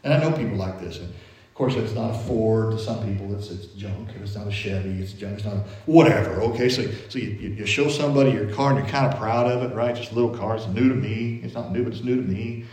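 A man's voice: fairly low pitch, fast, a little mellow, reverberant. A middle-aged man preaching a sermon in a conversational, folksy way, full of everyday stories.

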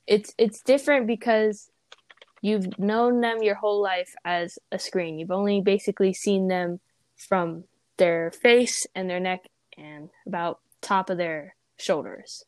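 A young woman co-hosts a relaxed chat at a mid pitch, musing in a laid-back way. Her voice is close and dry, with no room echo. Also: measured pace. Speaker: co-host. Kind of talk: casual chat.

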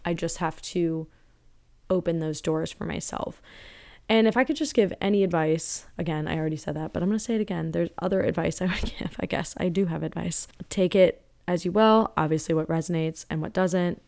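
A woman's voice: lowish voice, fairly quick, gravelly, darkish tone. A young woman hosting a podcast, talking in an earnest, rambling way about a spiritual journey, full of "like" fillers. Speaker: podcast host. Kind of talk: casual spiritual podcast monologue.

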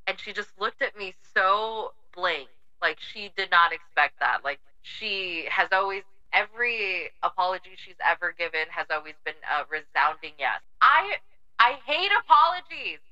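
A woman guest on a casual podcast recounts a story with emphatic force and freely swears. Her voice sits a little low yet rings very bright and sharp. The recording has a dull lo-fi sound. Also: lively intonation, moderate pace.

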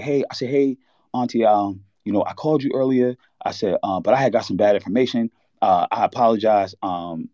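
A deep-voiced man tells a candid story, halting and searching for words. His voice comes through dull, lo-fi, and dry. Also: a little mellow, no echo. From New York. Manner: candid, halting, reliving a loss. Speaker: podcast host. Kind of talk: emotional personal story on a sports talk show.

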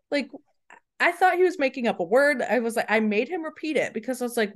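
Mom in her 30s co-hosting a podcast, lively storyteller, a bit high-pitched, laughs a lot. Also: normal speed. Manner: animated storytelling, laughs often. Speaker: podcast co-host. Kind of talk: casual chat.

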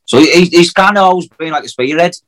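A man's voice: a little high, fairly bright tone, low-quality recording. A man from Hartlepool with a North East English accent, an acoustic singer-songwriter chatting casually, swearing freely and full of fillers. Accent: Hartlepool, North East England. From Hartlepool, England. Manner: swearing, fast, lots of fillers. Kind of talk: casual chat.

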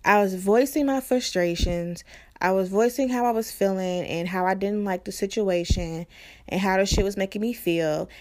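A young woman vlogger telling a story in a casual, profane and animated way, with an exasperated edge. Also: mid-range voice, normal speed.

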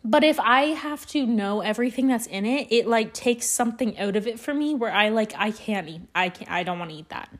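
Speaking briskly with hardly any pauses, this young adult podcast host from Canada rambles through stories on her solo show. She swears a lot and is self-deprecating, with a fairly high, expressive voice.

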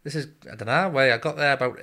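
A man's voice: medium pitch, quick pace, sharp tone, slight background noise. A man telling a story from his service days in a podcast chat, blunt and swearing freely, often laughing as he talks. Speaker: guest, former RAF serviceman.

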